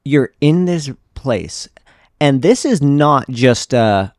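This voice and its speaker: A man's voice: medium pitch, lively intonation, slow, darkish tone, no room sound, studio quality. A man hosting a podcast, casually interviewing his guest and cutting in with short reactions and questions. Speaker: podcast host.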